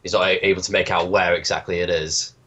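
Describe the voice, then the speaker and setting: A young man running a tabletop game as game master, hesitant and filling pauses with ums while he describes scenes and rules. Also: deep voice, flat delivery, sharp tone, slightly rough, dull audio.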